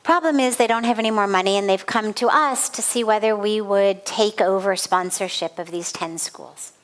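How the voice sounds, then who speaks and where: A woman's voice: medium pitch, normal speed. A middle-aged woman, a spiritual teacher, giving a satsang talk and telling a personal story with earnest, vivid emphasis and repeated phrases.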